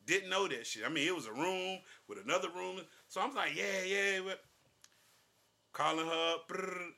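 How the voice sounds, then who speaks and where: A man with a ringing, bright voice pitched a little high. He co-hosts a casual chat, cursing freely and mimicking the people in his stories. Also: normal speed, creaky. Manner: profane, animated, acts out other people in quoted voices. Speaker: podcast co-host. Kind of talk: casual banter and storytelling.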